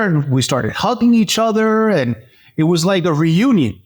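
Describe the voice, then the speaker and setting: A man as an interview guest, telling a personal story in a lively, animated way, with frequent fillers and restarts. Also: high-pitched, moderate pace. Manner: animated storyteller, acts out dialogue. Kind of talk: personal testimony in conversation.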